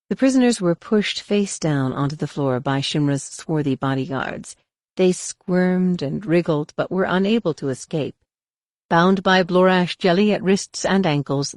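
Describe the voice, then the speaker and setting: Woman, very low voice, dry close sound, dramatic audiobook narration. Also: darkish tone, no echo. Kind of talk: scripted narration.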